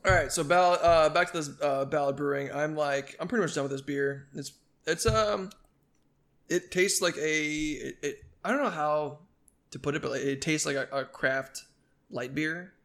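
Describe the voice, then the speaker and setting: A man's voice: fairly high pitch, a bit bright. A man co-hosting a casual podcast, joking and swearing, often stopping and restarting his sentences. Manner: joking, profane, halting with restarts. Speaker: podcast co-host. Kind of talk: casual chat.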